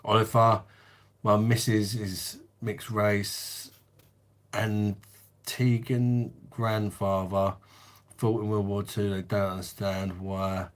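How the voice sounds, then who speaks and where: Host: blunt man, casual live chat, lowish voice, laughs freely. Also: little pitch movement, takes it slowly. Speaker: livestream host.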